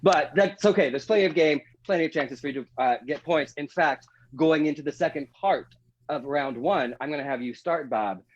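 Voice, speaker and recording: Upbeat guy hosting a comedy game show, chuckles a lot, kinda high voice, slightly muffled lo-fi sound. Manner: chuckling, upbeat, reads questions slowly.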